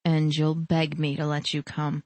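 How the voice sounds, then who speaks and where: A woman voicing a teasing adult man in an audiobook, dropping her voice lower for him. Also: monotone, unhurried, darkish tone, no room sound. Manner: teasing, playful.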